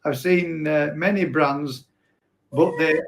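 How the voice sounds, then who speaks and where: A man's voice: on the high side, steady tone, slow, a little hiss or hum. A man hosting a casual live stream, chatting and reading out viewer comments in a rambling, self-correcting way. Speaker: host.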